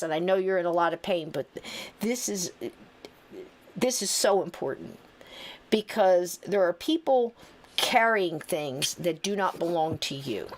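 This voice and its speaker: Female podcast host, about sixty, casual storyteller, lively asides and voiced quotes. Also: fairly low pitch. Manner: animated, tells stories with quoted voices and asides.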